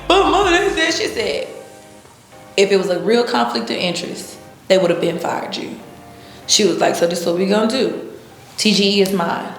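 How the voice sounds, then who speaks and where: This interview guest has a medium-pitched voice and shares her story in a relaxed, lively way, acting out what others said and laughing frequently. The recording has an echoey room sound.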